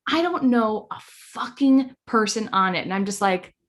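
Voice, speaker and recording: A woman with a mid-range voice hosting a casual podcast chat. She talks fast and bluntly, swears freely, and keeps the conversation animated. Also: medium pitch. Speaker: podcast host.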